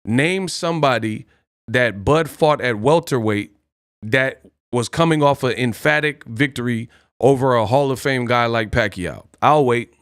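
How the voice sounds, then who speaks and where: Man, boastful live stream rant, combative, mid pitch, dry close sound. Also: unhurried, clear, resonant tone, no room sound. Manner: boastful, combative, repeats taunts at chat. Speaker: boxing live stream host.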